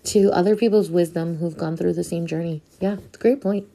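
Low, gravelly woman musing. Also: steady tone, a little fast, warm tone, slight background noise. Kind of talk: reflective talk-show comment.

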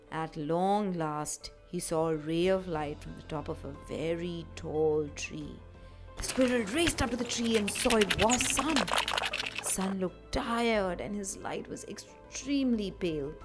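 A woman narrating a scripted children's story for a radio program, in an expressive, animated storytelling manner. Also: lowish voice, measured pace. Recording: faint background music.

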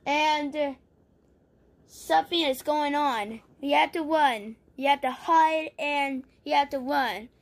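A woman voicing a toy news anchor in improvised toy play, with a rambling, halting delivery. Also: high voice. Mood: urgent.

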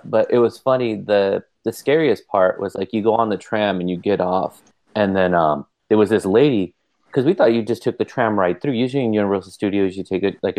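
A man co-hosting a podcast, chatting casually and telling lively stories, voicing the people in them with sudden jumps in pitch. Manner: animated storyteller, mimics people with pitch jumps. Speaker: podcast co-host.

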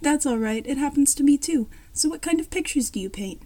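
A polite, easily impressed new-kid boy from a read-aloud story, voiced by a woman. He speaks high and friendly, with a mellow, darker tone. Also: animated, a little fast.

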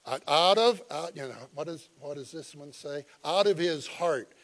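A man preaching a sermon, folksy and chuckling, moving from quiet asides to loud, emphatic cries as he tells the story. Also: fairly high pitch. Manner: folksy, chuckling, with halting fillers. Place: visiting church.

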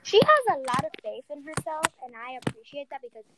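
A young woman hosting a casual chat over a call, excitable and gushing. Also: sits high, brisk, background noise. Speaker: host.

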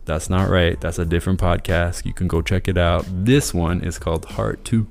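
Man, podcast host, very low voice, gravelly, profane, enthusiastic, faint music behind. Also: fairly even intonation, normal speed, hardly any pauses, darkish tone. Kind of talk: motivational podcast monologue.

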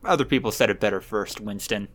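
A man's voice: medium pitch, normal speed, a bit bright. A young man co-hosting a podcast, making dry, teasing remarks in casual chat. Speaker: podcast co-host.

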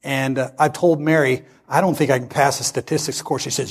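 A man in his sixties preaching a sermon, telling a personal story in an animated way and acting out the dialogue. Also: a little high, moderate pace, slightly rough. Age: 60s.

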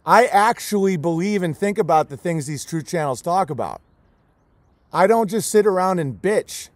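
High-voiced man in an emotional rant. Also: expressive, moderate pace, dry recording. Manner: emotional, emphatic, repeats key words. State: close to tears. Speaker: homesteader raising goats and chickens. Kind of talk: impassioned vlog rant.

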